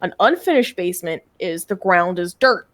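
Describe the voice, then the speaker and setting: A woman's voice: lowish voice, lively intonation, moderate pace, fairly bright tone. A young woman chatting casually on a game stream, telling a long story in a rambling way and swearing often. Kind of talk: casual chat.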